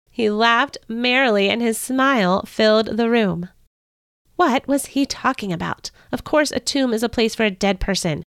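A woman hosting a podcast, telling a Bible story in the first person in an earnest, expressive way. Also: fairly high pitch, normal speed, clean tone, no room sound, clean studio sound.

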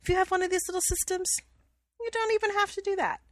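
A woman's voice: very high-pitched, fairly even intonation, quick pace, no echo. A young woman co-hosting a podcast, chatting casually and gushing with enthusiasm. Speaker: podcast co-host. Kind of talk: casual chat.

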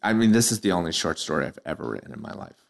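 Very deep-voiced, stammering man. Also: sing-song, rapid-fire, vocal fry. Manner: hesitant, stammering, self-deprecating. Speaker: podcast guest, comedian. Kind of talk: casual podcast chat.

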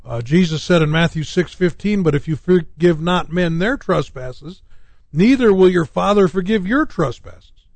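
A man's voice: high-pitched, expressive, normal speed, dry recording. A middle-aged male pastor preaching on a radio talk show, rambling with many fillers and restarts.

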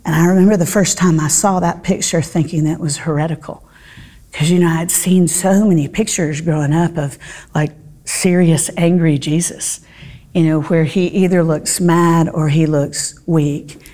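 A middle-aged woman, teaching a Bible study and telling a story in an earnest, heartfelt way, with pauses and fillers. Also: sits low, steady tone, warm tone.

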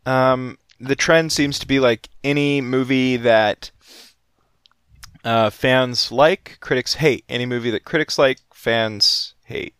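A young man co-hosting a podcast in casual chat, animated, swearing and acting out quotes. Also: medium pitch, slow pace, clear, resonant tone, dry recording, clean studio sound. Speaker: podcast co-host.

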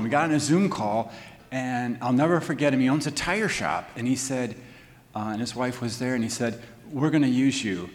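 A man, a financial advisor on a panel, telling lively anecdotes in a casual way and acting out what people said. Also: mid-range voice. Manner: animated anecdotes with acted-out quotes and laughs. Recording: long reverb in the room.

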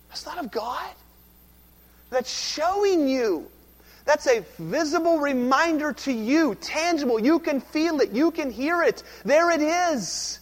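A man preaching a sermon as a pastor, swinging between loud emphasis and hushed lines. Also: extremely high pitch, in a large hall.

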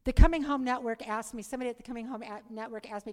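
A middle-aged woman giving her conversion testimony to a live audience, telling her story in a lively way and calling for "Amen.". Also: a little high, very fast. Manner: lively storyteller who calls for "Amen" and "Praise the Lord". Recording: long reverb of a hall.

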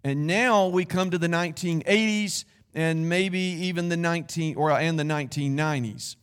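A man's voice: on the high side, normal speed, a bit bright, clear, resonant tone, long reverb tail. A man preaching a sermon as pastor, speaking in a conversational way with folksy asides. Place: church sanctuary.

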